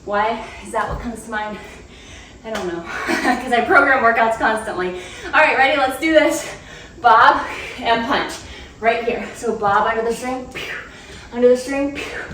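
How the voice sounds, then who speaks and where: A woman's voice: fairly high pitch, a bit bright, distant mic, a little hiss or hum. A woman fitness instructor cueing a home cardio workout, upbeat and chatty, out of breath as she talks. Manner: upbeat, chatty, laughs between cues. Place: room at home. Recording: roomy, off-mic home recording.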